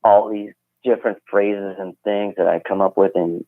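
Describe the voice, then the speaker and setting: A man with a lowish voice speaks through a narrow, tinny phone line. He is a guest musician chatting in a relaxed, rambling way, and the sound is dry and close. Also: normal speed, no echo. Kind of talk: casual phone interview. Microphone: phone call.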